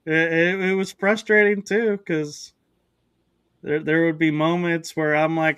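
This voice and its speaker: Slow, smooth-voiced male podcast host. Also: on the high side, little pitch movement, fairly bright tone, no echo. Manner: slow, hesitant, with frequent restarts and acted-out quotes. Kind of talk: casual conversation.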